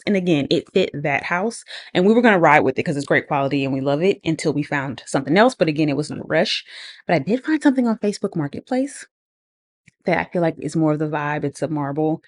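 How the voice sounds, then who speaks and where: A woman's voice: deep voice, no room sound, studio quality. A woman giving a casual, rambling home tour walkthrough with lots of ums and likes, slightly out of breath as she walks around a living room. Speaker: home decor vlogger.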